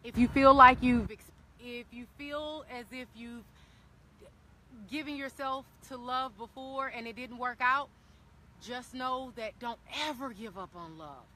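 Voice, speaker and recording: A woman's voice: fairly high pitch, unhurried, bright, forceful tone, a little hiss or hum. A woman speaking earnestly and encouragingly to viewers on a phone camera, often repeating her key phrases for emphasis. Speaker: wellness vlogger speaking to live viewers. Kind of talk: impassioned live-stream talk. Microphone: handheld phone camera.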